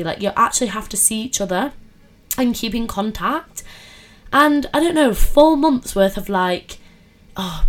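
A young woman, telling dating stories in a chatty, animated way with lots of fillers. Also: medium pitch. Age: 20s. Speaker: podcast host. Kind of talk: casual storytelling chat.

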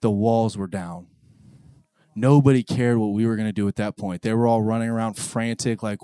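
A man preaching a sermon and telling personal stories, swinging between hushed intensity and loud exclamation. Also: fairly low pitch, fairly even intonation, normal speed, clear, resonant tone, no room sound.

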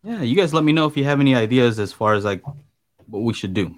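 A man hosting a podcast in casual chat, relaxed and hesitant, reading out viewer comments. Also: mid-range voice, quick pace. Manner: relaxed, hesitant, many fillers. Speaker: podcast host.

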